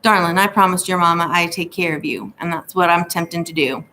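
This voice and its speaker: A woman's voice: on the low side, brisk, pushed and bright, slight background noise. A woman voicing a stubborn, injured old man who speaks in a clipped folksy dialect and scolds the children. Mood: scolding.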